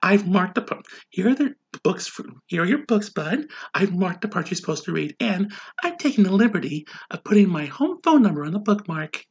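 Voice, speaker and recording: A woman's voice: lowish voice, very animated, fairly quick, hardly any pauses, a little mellow, breathy edge, highs cut off, exaggerated voice. A woman playing a coy, sultry librarian. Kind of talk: comedic reenactment of sitcom lines.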